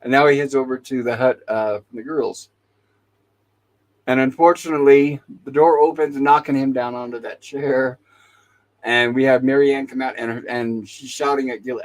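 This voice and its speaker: A man's voice: medium pitch, poor audio. Man, podcast host, casual recap, quotes lines as he goes. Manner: retells scenes, quoting lines.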